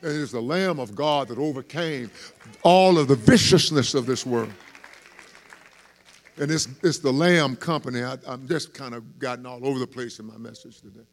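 A male preacher with a mid-range voice delivers a sermon. He moves between easy, chatty asides to his listeners and loud, fervent swells of emphasis. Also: medium pitch, normal speed, some chatter behind. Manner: lively preaching with swells in volume and laughter; conversational asides to the congregation.

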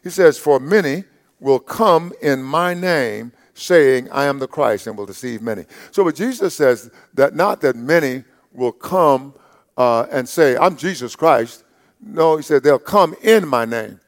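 A man's voice: mid-range voice, lively intonation, a little slow. A man preaching a sermon as pastor, emphatic and repetitive, calling out to the congregation.

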